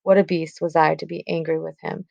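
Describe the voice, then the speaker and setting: Juliet, a teacher reading a distraught young bride. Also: female voice, sits low, flat delivery, brisk, gravelly, mellow, no echo, muffled recording, exaggerated voice. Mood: anguished. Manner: read aloud plainly from the script. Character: young teenage girl, newly wed, distraught and torn.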